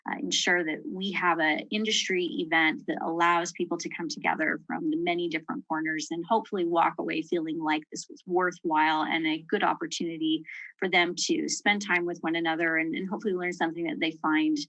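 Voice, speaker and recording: A woman's voice: sits low, level tone, a little fast, fairly bright tone, muffled recording. A woman leading an industry council, making friendly, enthusiastic event announcements.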